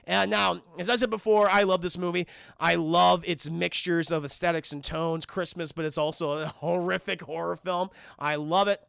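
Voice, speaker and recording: A young man streaming a casual, profane spoiler recap, talking excitedly to his chat. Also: sits high, normal speed, gravelly, clean tone, dry recording, clean studio sound. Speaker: streamer and film reviewer.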